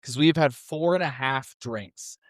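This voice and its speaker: A young man co-hosting a casual podcast, animated and enthusiastic. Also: mid-range voice, measured pace, no room sound, clean studio sound. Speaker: podcast co-host. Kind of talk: casual chat.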